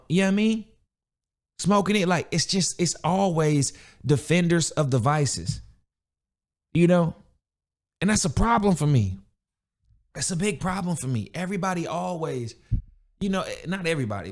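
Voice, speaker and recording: Blunt, high-voiced man ranting on a podcast. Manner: blunt, preachy, slangy, repeats himself, acts out other people in quoted voices. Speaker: podcast host. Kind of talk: casual motivational rant.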